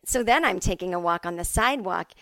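A woman's voice: lowish voice, expressive, a little fast, a bit bright, no room sound. A woman voicing her elderly mother, a cranky, scolding older woman. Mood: indignant. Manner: indignant, scolding.

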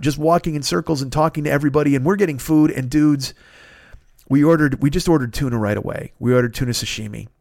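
A man hosting a podcast, telling a story in a casual, animated, profane way. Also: fairly high pitch, quick pace, vocal fry, dry recording, studio quality. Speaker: podcast host.

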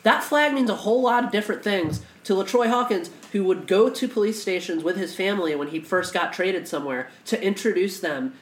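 A man's voice: sits high, a little fast, few pauses, a little hiss or hum. A man co-hosting a casual podcast conversation, talking with impassioned, profane intensity and frequent restarts. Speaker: podcast co-host. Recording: echoey room.

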